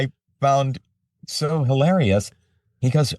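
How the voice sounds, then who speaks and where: An older man, a voice-over artist, telling animated stories in a casual interview. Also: mid-range voice, slow, dry recording, clean studio sound, far from the mic.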